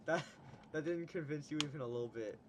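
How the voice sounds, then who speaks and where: A man's voice: a little high, background noise. A young man hosting a casual livestream, chatting with a guest, laughing often and retelling stories. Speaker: stream host.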